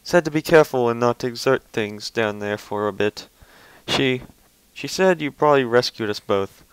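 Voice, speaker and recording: A man reading the lines of a refined, emotional female unicorn pony in a soft, genteel, earnest way, his voice smooth and clear. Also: medium pitch, moderate pace, no echo, close to an everyday voice, poor audio. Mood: tender.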